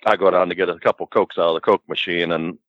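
A man's voice: low voice, steady tone, fast, dry recording, highs cut off. A man guest on a podcast, telling rambling anecdotes in a casual way and acting out quotes. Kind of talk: casual storytelling.

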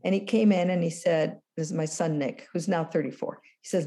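A woman in her sixties, a guest in an interview, telling a story with lively acted-out dialogue. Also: fairly low pitch, a little fast, few pauses. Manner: animated storyteller, acts out dialogue. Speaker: guest, former business school lecturer.

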